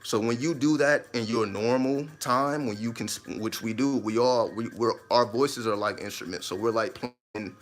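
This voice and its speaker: A man's voice: mid-range voice, moderate pace, few pauses. A man talking straight to viewers in a casual, emphatic monologue, repeating his points and swearing now and then. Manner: emphatic, repetitive, with occasional swearing. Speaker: host of own video channel.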